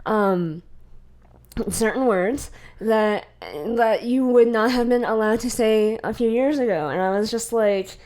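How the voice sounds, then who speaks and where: A woman's voice: fairly high pitch, unhurried, a little mellow. A young woman co-hosting a podcast in casual chat, rambling with frequent laughs and acting out quoted exchanges. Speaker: podcast co-host.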